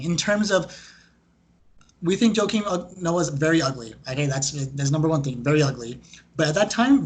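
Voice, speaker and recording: Husky, joking young podcast host. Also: male voice, on the high side. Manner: joking, animated, swears freely. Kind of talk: casual sports chat.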